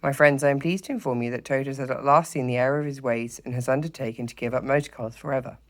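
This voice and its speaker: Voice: medium pitch, fairly even intonation, close to an everyday voice. A teacher doing a stern solemn old badger. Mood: formal. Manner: grave, commanding, deliberate. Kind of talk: storybook read-aloud.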